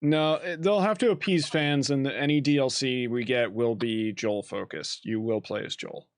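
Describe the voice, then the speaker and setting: A man co-hosting a casual podcast chat, animated, laughing often and swearing casually. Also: mid-range voice, normal speed, no room sound, studio quality. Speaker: podcast co-host.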